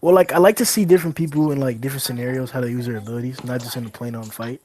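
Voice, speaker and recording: A man's voice: mid-range voice, steady tone, racing, a little mellow, slight background noise. Rambling, swearing man in voice chat. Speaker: discussion participant. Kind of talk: casual group chat.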